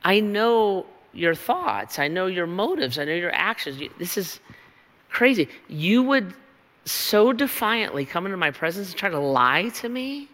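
A man's voice: high voice, very animated, measured pace, fairly bright tone, long reverb tail, pitched above the performer's own voice, heavily acted. A man voicing a stern, commanding male God who makes emphatic, indignant demands.

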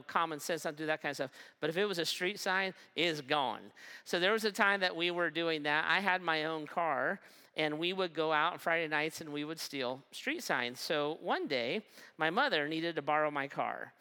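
A pastor preaching a sermon and telling a humorous personal story, acting out the dialogue and slowing down for emphasis. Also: medium pitch, pushed and bright, smooth.

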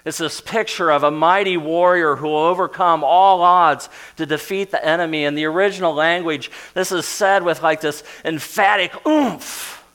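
A middle-aged male pastor preaching in an earnest, heartfelt way. His voice sits a little high for a man. He falls to a soft hush at times and rises in emphatic bursts. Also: steady tone, moderate pace, hardly any pauses, clean tone. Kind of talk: sermon.

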